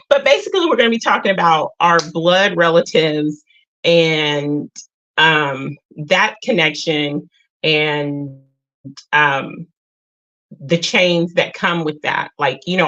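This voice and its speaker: A woman hosting a casual spiritual livestream, talking unhurried and earnest, with many filler sounds. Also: fairly low pitch, a bit bright, lo-fi sound. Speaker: livestream host.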